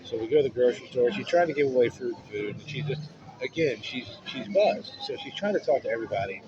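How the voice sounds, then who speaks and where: A man's voice: mid-range voice, expressive, fast, crowd noise. A man telling a personal story in a casual, frank way, swearing freely. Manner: frank, profanity-laced. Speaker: vlogger. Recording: muffled, noisy street sound.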